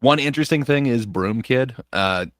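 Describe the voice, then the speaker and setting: A man's voice: mid-range voice, expressive, moderate pace, no room sound, studio quality. A man hosting a podcast, chatting casually about films, laid-back with frequent fillers and chuckles. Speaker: podcast host. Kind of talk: casual chat.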